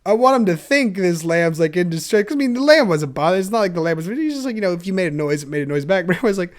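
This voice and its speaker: A young man with a high-pitched, animated voice talks fast on his solo podcast, recorded on a camera mic. It's a rambling casual monologue, chatty and self-mocking, with frequent laughter.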